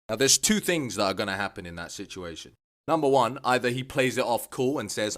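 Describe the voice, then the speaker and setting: Young man, comic vlog rant, swearing, exasperated, lively pitch, bright forceful voice. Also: a little fast. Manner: profane, exasperated ranting with sudden shouts. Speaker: vlogger.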